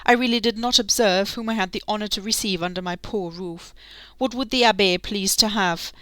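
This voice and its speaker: A woman's voice: medium pitch, a little fast, fairly bright tone, dry recording, close to an everyday voice. A woman voicing an eager, obsequious middle-aged male innkeeper in a storybook reading.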